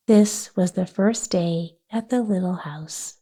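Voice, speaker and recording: Calm woman reading a bedtime audiobook, super slow and soothing. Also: medium pitch. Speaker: audiobook narrator. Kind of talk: scripted narration.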